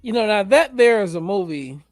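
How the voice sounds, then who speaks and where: A man's voice: sits high, expressive, moderate pace, dry recording, soft background music. A man co-hosting a casual chat, making dry jokes and teasing. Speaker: co-host.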